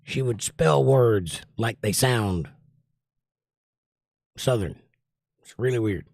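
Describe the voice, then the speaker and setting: A man's voice: mid-range voice, slow, vocal fry, dry recording. Man, livestream host, casual rambling chat, reads comments, dry close sound. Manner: relaxed, rambling, reads viewer comments aloud. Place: indoors at home by a window. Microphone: desk microphone.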